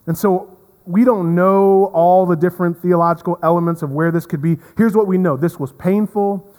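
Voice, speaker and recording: Man, pastor, sermon, slightly high voice, earnest, repeats himself, long hall reverb. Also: steady tone, normal speed. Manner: earnest, repeats words, swings from emphatic to hushed.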